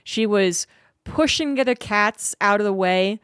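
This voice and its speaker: A woman's voice: medium pitch, measured pace, fairly bright tone, clear, resonant tone, dry recording, studio quality. A woman streamer in a casual livestream chat, telling a rambling, cursing story.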